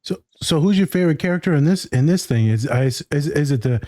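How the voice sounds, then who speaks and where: A man's voice: a little high, animated, a little fast, mellow, dry recording, clean studio sound. A man in a casual chat, joking and playful, laughing often.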